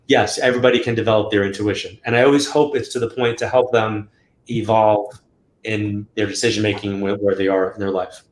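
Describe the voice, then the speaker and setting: A man's voice: on the low side, a little fast, a little hiss or hum. Man telling stories in a roomy room. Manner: animated, acts out quotes in a raised voice. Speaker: guest psychic medium. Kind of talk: casual interview storytelling. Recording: roomy echo.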